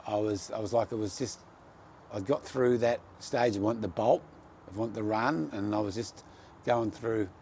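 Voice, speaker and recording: A man's voice: on the low side, moderate pace, a little mellow, slight background noise. A man giving a personal faith testimony, telling his story in an earnest, heartfelt way.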